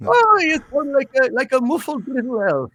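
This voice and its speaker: A man hosting a casual livestream, reading super chats aloud and toasting his viewers in a halting way with many fillers. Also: very high voice, very animated, fairly bright tone, husky, dry recording. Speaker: livestream host.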